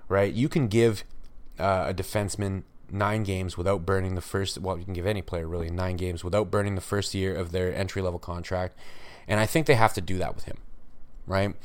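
A man's voice: sits low, fairly even intonation, a little fast, no echo. A man hosting a solo sports podcast, talking in an emphatic, ranting way with frequent restarts. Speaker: podcast host.

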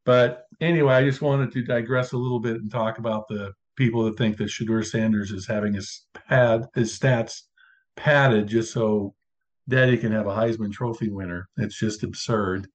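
A man's voice: fairly low pitch, fairly even intonation, moderate pace. A man hosting a casual sports talk show, building his argument point by point. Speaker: podcast host. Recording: dull lo-fi sound.

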